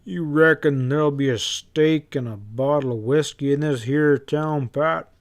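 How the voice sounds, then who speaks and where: A big, short-fused one-eyed cowboy, voiced by a male narrator speaks gruffly and without patience. His words come slow and heavy. He sounds like he is always a breath away from a fight. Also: a little high. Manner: gruff and quick to anger.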